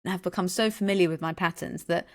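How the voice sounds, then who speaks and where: Woman host, chatty and emphatic, low-ish voice. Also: fast. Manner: open, emphatic, animated storyteller. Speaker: podcast host. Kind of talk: casual conversational interview.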